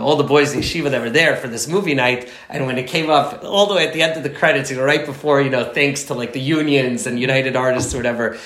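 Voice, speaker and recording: A man's voice: medium pitch, fairly bright tone, reverberant. A man leading a study class in a chatty, rambling lecture full of asides. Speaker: teacher leading a parenting study circle.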